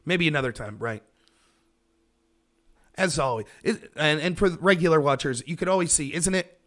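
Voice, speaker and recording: Man, political commentary livestream host, sarcastic, animated, high voice. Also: moderate pace. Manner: sarcastic, animated, mocks opponents. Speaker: host of a political talk show.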